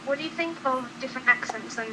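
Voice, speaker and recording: A woman calling into a live show, politely asking quick questions in a soft voice. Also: high voice, background noise. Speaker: caller.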